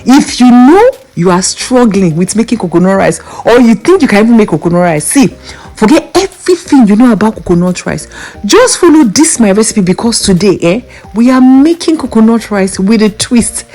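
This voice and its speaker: A woman's voice: on the high side, sing-song, normal speed, warm tone, faint music behind. A young woman vlogger walking through a recipe in her home kitchen, emphatic and playful, repeating the key steps for emphasis. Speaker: cooking vlogger. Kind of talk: recipe walkthrough.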